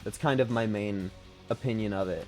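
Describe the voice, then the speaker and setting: A man's voice: fairly low pitch, normal speed, a little mellow, faint music behind. A man streaming a video game from home, giving rambling, self-deprecating, sweary commentary. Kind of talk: casual gaming commentary.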